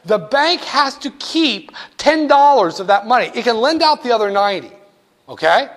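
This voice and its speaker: Male instructor, high-pitched, lively and joking, lecturing a class directly. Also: moderate pace. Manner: jokey, animated, talks straight to students.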